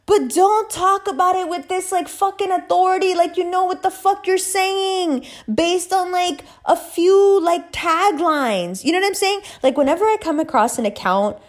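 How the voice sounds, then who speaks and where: A woman's voice: very high-pitched, normal speed, few pauses. A young woman ranting casually to camera, profane and emphatic with lots of fillers. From South Asian heritage. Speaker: astrology YouTuber.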